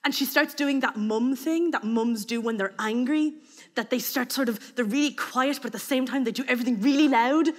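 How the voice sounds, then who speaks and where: An Irish woman telling a comic personal story to an audience, lively and acting out the voices of the people in it. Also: high voice, a little fast, in a large hall. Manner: lively, acts out voices, breaks into laughter.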